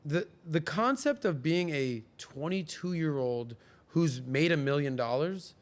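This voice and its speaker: A man's voice: fairly high pitch, slow pace. A man in his forties hosting a podcast, telling stories casually and acting out the voices of the people he quotes. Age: 40s. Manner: animated, acts out quoted voices. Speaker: podcast host. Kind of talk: casual storytelling.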